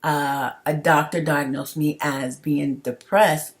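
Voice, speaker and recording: Low-voiced woman venting to camera. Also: fairly even intonation, slow pace. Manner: emphatic, repetitive, addresses viewers directly. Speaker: vlogger. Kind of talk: personal vlog monologue.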